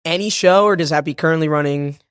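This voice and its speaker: Fast-talking and on the high side, with a fairly bright, smooth voice, a young Boston stage actor guests on a podcast in a slight Boston accent. He chats casually, laughing a lot, with fillers and restarts. The studio-quality audio has no echo.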